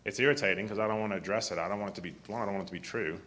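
A man with a deep, grumbly voice, preaching a sermon, often clearing his throat and restarting his sentences. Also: racing, a bit bright, a little hiss or hum.

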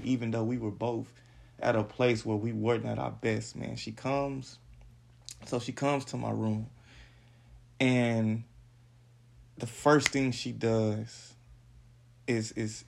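A man telling a personal story on his podcast, halting and repeating words. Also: medium pitch, creaky. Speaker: podcast host.

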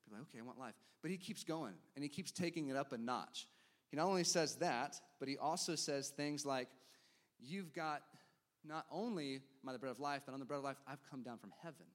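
A man preaching a sermon as pastor, talking straight to the congregation and acting out the crowd's reactions. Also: medium pitch. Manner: animated preaching, quick asides to the congregation, acts out crowd reactions.

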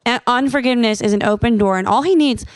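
A woman telling a church testimony in a casual, animated way, acting out the people she quotes. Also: on the high side, fast talker, clean tone, no room sound, studio quality. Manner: animated, acts out quoted voices.

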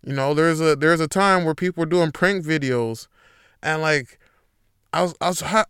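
A young man hosts a solo podcast, ranting in a loose, profane way full of restarts. His voice is smooth and sits a touch high. It is recorded close and dry with no room echo. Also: moderate pace. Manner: profane, animated ranting with laughs; frequent fillers and restarts. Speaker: podcast host. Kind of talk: casual chat.

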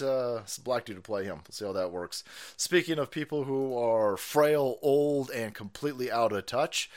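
A man hosting a live stream, ranting in profane commentary, mocking and laughing often, breaking into loud excited outbursts. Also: mid-range voice. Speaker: livestream host.

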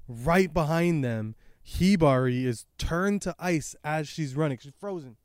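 A man's voice: on the high side, lively intonation, a little slow, darkish tone, no room sound, studio quality. A young man hosting a podcast, recapping a comic chapter in a rambling, laid-back way with lots of fillers, recorded outdoors by a creek on a microphone exposed to wind. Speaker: podcast host. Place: outdoors by a creek and tree line. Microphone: handheld microphone exposed to wind.

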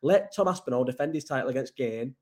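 A man with a Bolton accent, from the Bolton area of England, hosts a casual live chat, rambling, blunt and sweary. His mid-range voice is expressive, fast, a little mellow and husky.

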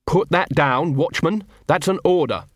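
A man voicing an earnest young male watch corporal who speaks gently and steadily in an audiobook reading. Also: a little high, a little slow, dry recording, studio quality, voice pushed up. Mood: firm.

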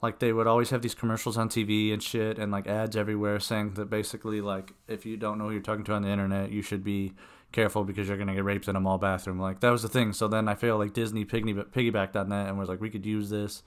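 A young man chatting as a podcast co-host, explaining his point briskly. His voice sits low and smooth and rolls out fast, with little rise and fall. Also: little pitch movement. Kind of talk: casual chat.

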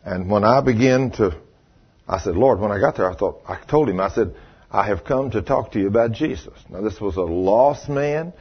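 A man's voice: lowish voice, normal speed, slightly rough. Older man, preacher, folksy sermon storytelling, lo-fi muffled recording. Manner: folksy storytelling, acting out quotes.

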